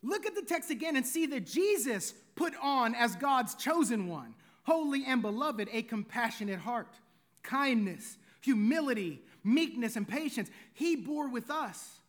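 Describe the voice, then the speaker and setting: A man's voice: very high voice, lively intonation, a little slow, a bit bright. A middle-aged man, preaching a sermon in a conversational way, full of rhetorical questions. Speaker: pastor.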